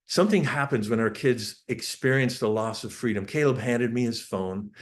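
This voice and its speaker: At normal speed and medium pitch, a middle-aged parenting speaker shares family stories with an audience. He's an animated storyteller, acting out what was said and adding sudden bursts of emphasis.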